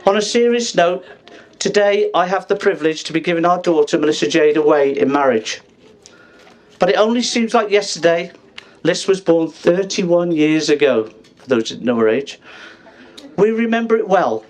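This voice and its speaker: A man in his fifties giving a jokey father-of-the-bride speech at a wedding reception, teasing guests and pausing for laughs. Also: sits high, animated.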